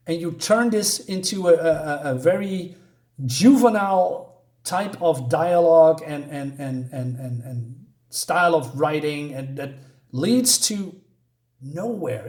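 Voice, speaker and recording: A man's voice: a little high, a little mellow. Exasperated, profane man ranting a review. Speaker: comic book reviewer, channel host.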